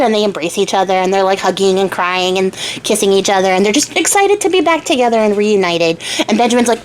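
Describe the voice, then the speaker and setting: A woman's voice: medium pitch, expressive, fast talker, slight background noise. A young woman casually retelling a fairy tale while crafting, chatty and irreverent, swearing and loosely voicing the characters. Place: home craft room.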